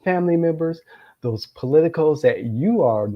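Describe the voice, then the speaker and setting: A man's voice: fairly high pitch, expressive, normal speed. Middle-aged man telling a rambling story. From Florida, United States. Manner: meandering, many filler sounds, chuckling asides. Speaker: political consultant and show host. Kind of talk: anecdotal storytelling to camera. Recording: dull lo-fi sound.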